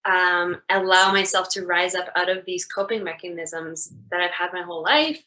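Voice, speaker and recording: A woman's voice: fairly low pitch, normal speed, bright, forceful tone, low-quality recording. A woman guest talking candidly about her own life, frank and hesitant, with many fillers. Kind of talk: candid personal conversation.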